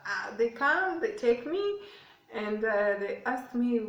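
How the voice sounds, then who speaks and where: A woman's voice: medium pitch, normal speed, distant mic. A young woman, telling a personal story in a casual, emotional way that rambles and repeats itself. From Kenya. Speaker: vlogger. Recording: echoey room, away from the mic.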